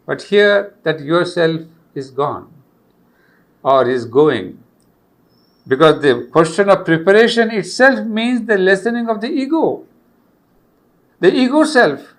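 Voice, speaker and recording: An older man, giving an earnest spiritual lecture on yoga and repeating key phrases for emphasis. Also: high voice. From India.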